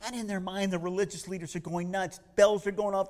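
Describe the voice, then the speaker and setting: A man preaching a sermon, animated, swinging between loud emphasis and hushed asides. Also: high voice, a little fast, few pauses, soft background music. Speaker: pastor. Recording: long hall reverb.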